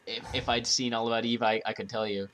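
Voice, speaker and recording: A man's voice: mid-range voice, flat delivery, fast talker, a bit bright. Hesitant man co-hosting a chat. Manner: hesitant, restarts often, laughs easily. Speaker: podcast co-host. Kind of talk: casual chat.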